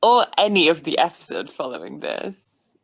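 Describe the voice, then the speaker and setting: A woman's voice: low voice, very animated, moderate pace, vocal fry, husky. Giggly woman teasing on a live chat. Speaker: viewer chatting on a live stream. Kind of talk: casual chat.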